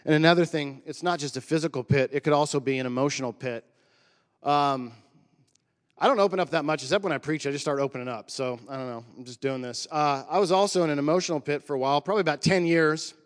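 A man's voice: fairly high pitch, fast, in a large hall. A man in his forties from Northern California telling a personal story as a pastor's sermon, in a conversational, emotional way with surfer slang. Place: church.

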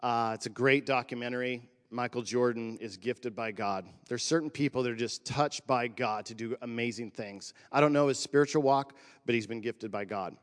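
Conversational pastor in a reverberant hall. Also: male voice, mid-range voice, normal speed. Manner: conversational, animated storytelling. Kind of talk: sermon.

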